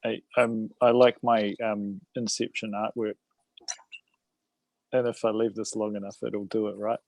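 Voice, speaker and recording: A man's voice: on the low side, flat delivery, measured pace, creaky, dry recording, poor audio. A man hosting a casual livestream chat, hesitant and full of ums and restarts. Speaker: host.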